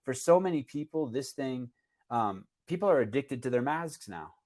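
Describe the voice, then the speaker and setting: A man hosting a casual podcast, telling a story in a rambling, animated way with many restarts. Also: medium pitch, moderate pace. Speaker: podcast host.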